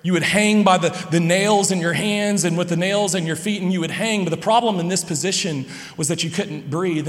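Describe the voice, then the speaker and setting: Preacher with a high voice in a reverberant hall. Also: male voice. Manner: dramatic storytelling, dropping low and slow then rising loud. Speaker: pastor. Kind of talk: sermon.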